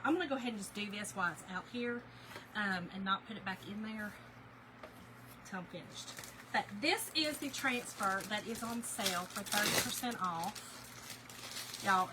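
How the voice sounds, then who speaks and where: A woman's voice: mid-range voice, noisy background. A woman from Kentucky hosting a casual craft live stream, chatting to viewers by name as she works. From Kentucky, USA. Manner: chatty, talks to viewers by name and says y'all.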